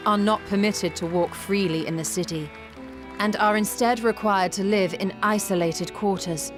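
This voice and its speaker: A woman's voice: medium pitch, steady tone, moderate pace, natural voice. An actress playing a serious woman who explains secret matters in a game. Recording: game voice with music behind.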